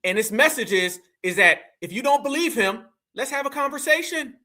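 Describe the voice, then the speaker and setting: Man, high pitch, bright sharp tone, mocking live commentary. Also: normal speed. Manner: mocking, animated, uses slang like "fam". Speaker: host. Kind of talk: live commentary reacting to clips.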